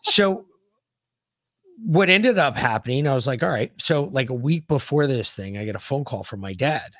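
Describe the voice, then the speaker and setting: A man's voice: medium pitch, animated, moderate pace, fairly bright tone, dry recording. A man co-hosting a podcast, telling a long casual story full of swearing, fillers and restarts. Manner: profane, rambling, full of fillers. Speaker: podcast co-host.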